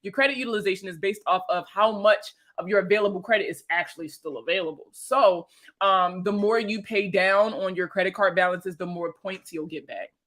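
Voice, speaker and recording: A woman around thirty with a Baltimore accent, hosting a casual livestream chat with viewers, slangy and profane and quick to laugh. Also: medium pitch, a bit bright. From Baltimore, USA. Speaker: host answering viewer comments.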